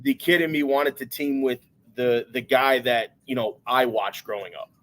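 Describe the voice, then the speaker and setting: Male guest, mid-pitched, reflective, chatty, filler-heavy speech. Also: fairly even intonation, moderate pace, fairly bright tone. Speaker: podcast guest, retired pro wrestler. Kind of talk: casual interview chat.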